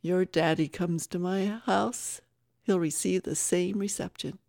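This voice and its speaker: A woman narrator voicing an unflappable elderly woman who answers threats calmly and tartly. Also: lowish voice, unhurried, gravelly, dry recording, clean studio sound. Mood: steely. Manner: calm, steely and tart.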